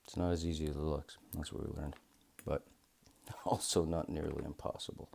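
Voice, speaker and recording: A man's voice: very deep voice, level tone, normal speed, creaky, a little mellow, slight background noise. A man hosting a watch modding video, chatting casually and rambling to himself as he works. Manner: rambling, talks to himself, self-deprecating. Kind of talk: casual narration while working.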